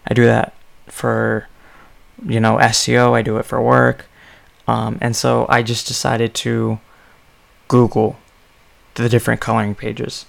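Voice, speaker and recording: Male podcast host, drowsy, flat and unhurried, thinks aloud with fillers. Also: mid-range voice, gravelly. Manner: rambling, thinking aloud with many ums. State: sleepy, yawning. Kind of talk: casual solo podcast talk.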